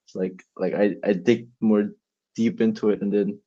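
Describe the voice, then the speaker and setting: A man's voice: fairly low pitch, flat delivery, normal speed, warm tone, dull audio. A teenage man, a guest on a casual podcast, rambling with lots of "like" and restarts.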